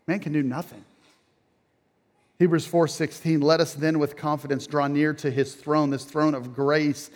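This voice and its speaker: A middle-aged man, a pastor, preaching a sermon that swings from quiet, low phrases to loud, emphatic peaks.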